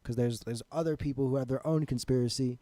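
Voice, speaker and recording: A man co-hosting a casual podcast, animated and quick to jump in with rebuttals. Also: mid-range voice. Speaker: podcast co-host.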